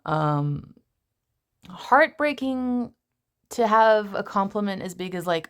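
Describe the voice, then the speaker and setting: A young woman's voice with a gravelly, fry-tinged texture, talking at home. She reads a passage in a soft, slow way, then slips into loose, chatty asides full of swearing and self-mocking laughs. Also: lowish voice, big pitch swings. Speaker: actress vlogger. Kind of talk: casual vlog with a book reading.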